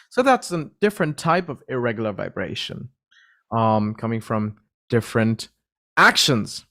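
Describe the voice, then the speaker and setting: A man teaching a relaxed vocal lesson, explaining voice registers and demonstrating the sounds himself. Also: medium pitch, measured pace, vocal fry. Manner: relaxed, explains terms patiently, breaks into vocal demos. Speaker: vocal coach.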